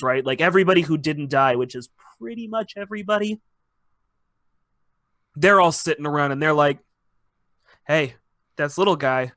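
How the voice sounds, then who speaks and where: Animated, sweary male podcast host. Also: on the high side, dry recording, clean studio sound. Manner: animated, sweary storytelling with quick mock voices. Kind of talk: casual profane recap of a TV finale.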